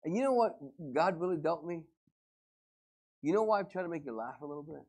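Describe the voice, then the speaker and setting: Animated husky preacher. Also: male voice, on the high side, a little fast. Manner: animated, joking, acts out everyday scenes. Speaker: pastor. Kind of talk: lively preaching sermon with humor. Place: church service before a congregation.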